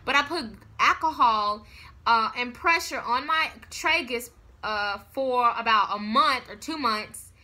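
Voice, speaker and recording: This is a young adult woman chatting to camera in a casual vlog. Her voice sits high and sounds piercingly bright. She tells her story dramatically, with lots of animation and exaggeration. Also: a little slow. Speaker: vlogger.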